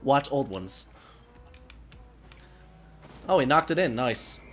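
A young man hosting a gaming livestream: casual, profane chat that bursts into excited shouts at the game, with pauses to read out donations. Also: mid-range voice, soft background music. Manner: reads out donations. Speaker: livestream host and gamer.

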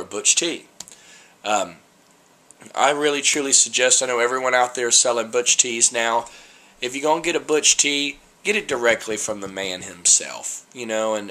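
A man's voice: mid-range voice, bright, forceful tone. A man giving a rambling, laid-back tasting review on a casual vlog, full of folksy slang. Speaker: pepper reviewer.

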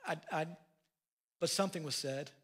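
Older pastor guy preaching, bright kinda high voice, chatty folksy stories. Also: moderate pace, slightly rough. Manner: folksy storytelling with laughs and asides. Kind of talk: sermon.

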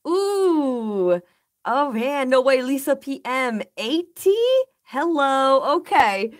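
A woman's voice: sits high, slow pace. A woman hosting a casual game live stream, upbeat and easygoing, greeting viewers by name and chatting between moves. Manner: laid-back slang like "rock on" and "baby".

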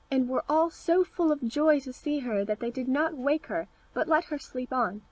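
A woman narrating a fairy tale audiobook with a clear, steady read-aloud delivery. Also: on the high side, poor audio. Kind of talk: scripted storybook narration.

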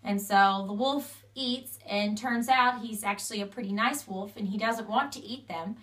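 A woman's voice: medium pitch, moderate pace, fairly bright tone, far from the mic. A young woman casually retelling a fairy tale, chatty, linking sentences with "so" and "you know". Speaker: storyteller.

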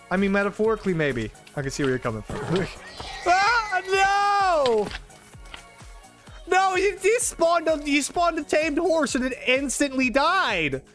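A young streamer talks through a game with his desk mic, reacting loudly and cursing as things go wrong. His pitch leaps up and down constantly, from low grumbles to high yelps. Soft game music plays in the background. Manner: excitable, swears, shouts and laughs at the game. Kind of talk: live game commentary.

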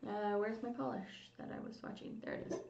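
A woman with a mid-range voice, a steady tone, and vocal fry talks fairly quickly while hosting a casual livestream. She chats, reads viewer comments aloud, and hums while she waits. The lo-fi, roomy home stream audio is recorded from a distance and is very noisy.

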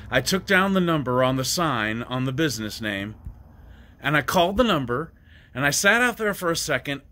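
A man ranting in a personal vlog, agitated and swearing often, at times raising his voice to a shout. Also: on the high side. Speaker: vlogger. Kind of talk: angry personal vlog rant.

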